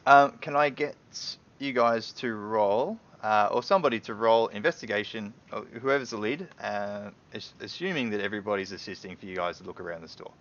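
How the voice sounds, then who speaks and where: Low-voiced man running a tabletop game. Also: a little fast, fairly bright tone, lo-fi sound. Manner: loose, filler-heavy descriptive narration. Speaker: game master.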